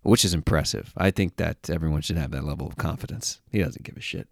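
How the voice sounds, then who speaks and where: A man's voice: a bass voice, fast talker, gravelly, no echo, studio quality. A man talking casually to camera as a travel vlogger, joking and sarcastic, with a rambling, offhand way of talking. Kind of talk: casual monologue.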